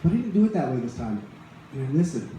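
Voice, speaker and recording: A man's voice: mid-range voice, sing-song, fast talker, mellow. A middle-aged man telling a personal story to a live audience in a conversational, rambling way, with many restarts and asides. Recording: very echoey room, faint ambient noise.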